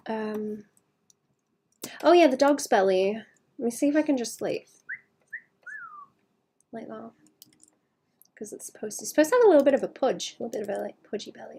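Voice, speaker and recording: A woman's voice: mid-range voice, measured pace, creaky, long pauses, warm tone, slight background noise. A woman streaming a digital painting session, chatting casually and muttering to herself as she works, often trailing off mid-thought. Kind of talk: casual chat while drawing.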